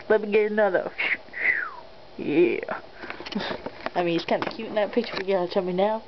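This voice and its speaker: A young woman runs a casual countdown vlog in a giggly, sarcastic way, breaking into laughs between items. Her voice sits at an ordinary pitch for a woman. The webcam audio is dull and lo-fi with a faint hiss behind her. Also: moderate pace, long pauses. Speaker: vlogger.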